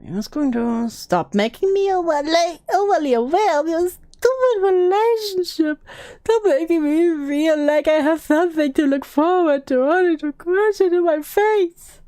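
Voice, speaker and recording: A woman's voice: extremely high pitch, moderate pace, mellow, no echo. A woman voicing a clingy, apologetic young man, reading his messages in a mock plaintive whine. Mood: bitter.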